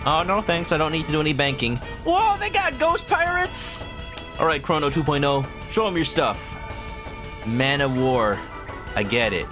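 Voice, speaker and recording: A man's voice: on the high side, moderate pace, over music. A man streaming a game playthrough, joking and riffing on what is happening on screen. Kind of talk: casual playthrough commentary.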